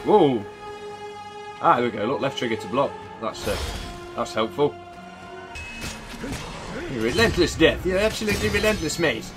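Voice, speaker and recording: A man's voice: medium pitch, expressive, unhurried, pauses often, music in the background. A man hosting a gaming channel, chatting and joking casually as he unboxes and plays games, with sudden exclamations. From England. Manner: chatty and jokey, exclaims while playing. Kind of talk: casual gameplay commentary.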